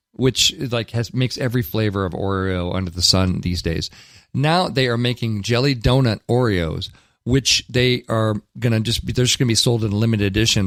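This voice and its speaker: A man with a lowish, slightly bright voice hosts a studio talk radio show, recorded with no echo. His casual commentary is blunt and emphatic, with frequent restarts.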